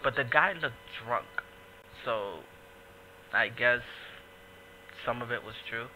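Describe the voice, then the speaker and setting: A man hosting a casual podcast, telling a profane, animated story and acting out the people in it. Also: mid-range voice, slow, a little hiss or hum, rough recording. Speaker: podcast host.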